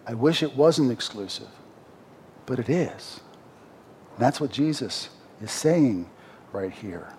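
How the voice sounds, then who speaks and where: A man's voice: medium pitch, expressive, slow pace, pauses often, a little mellow, a little hiss or hum. Man teaching scripture in a sermon. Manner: conversational Bible teaching with emphatic rises on quoted verses. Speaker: preacher.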